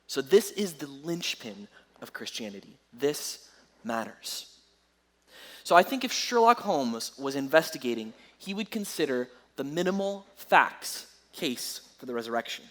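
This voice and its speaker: A young man giving a Christian apologetics talk, engaging a live audience with questions. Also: on the high side. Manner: lively, engaging the crowd with questions. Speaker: Christian speaker.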